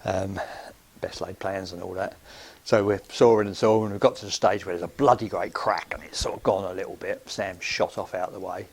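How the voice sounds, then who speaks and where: A man's voice: sits low, steady tone, a little fast, creaky. A middle-aged man, telling a rambling, chatty anecdote full of ums on his podcast. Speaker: podcast host. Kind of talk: anecdotal storytelling.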